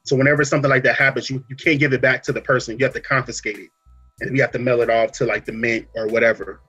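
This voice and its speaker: A man hosting a podcast, talking through a story in a relaxed casual way, full of fillers and asides. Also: medium pitch, fast, husky, soft background music. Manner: relaxed storytelling, many fillers and "you know what I'm saying". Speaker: podcast host. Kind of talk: casual chat.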